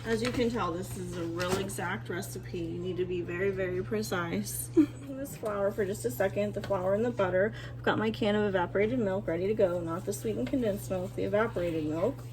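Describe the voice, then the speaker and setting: A woman casually chatting through a home cooking vlog in her kitchen, relaxed and joking, with plenty of ums. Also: medium pitch, a little fast, background noise. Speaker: cooking vlogger.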